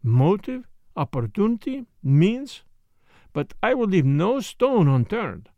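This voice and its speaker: A man voicing a fussy, excitable older male detective who speaks precisely and emphatically, at times muttering to himself. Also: high voice, slow pace, dry recording, lo-fi sound, pitched above the performer's own voice, exaggerated voice. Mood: grave. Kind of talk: audiobook character voice.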